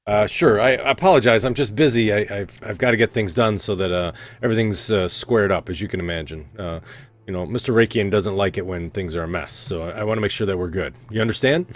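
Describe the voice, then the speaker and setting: A man's voice: lowish voice, fast, lightly acted. A man voicing a busy, fussy male games referee in a tabletop game, harried and apologetic.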